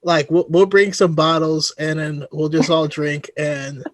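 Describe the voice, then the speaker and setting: A man hosting a casual podcast chat, friendly and halting, often restarting his sentences. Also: on the high side, level tone, no echo. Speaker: podcast host.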